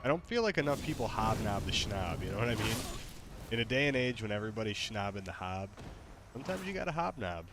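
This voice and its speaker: Give me a goofy, low-voiced male streamer. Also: sing-song, quick pace. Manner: goofy, joking, easygoing. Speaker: game streamer. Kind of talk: casual gaming stream chat. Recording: noticeable background noise.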